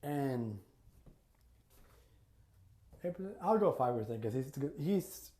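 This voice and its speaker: A man's voice: medium pitch, expressive, measured pace, pauses often, dark tone. A man casually retelling an imagined crossover story as a YouTuber, rambling with lots of fillers and restarts. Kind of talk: casual fan-fiction storytelling.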